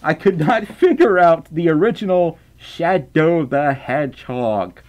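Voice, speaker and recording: A man with a softened Southern US accent chats casually on a live stream while thanking donors. He rambles, stumbles over repeated words, and breaks into laughter often. His voice sits a bit high and swoops around animatedly. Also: lively intonation, measured pace. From Southern United States. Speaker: live streamer reading donations. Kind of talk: casual livestream chat.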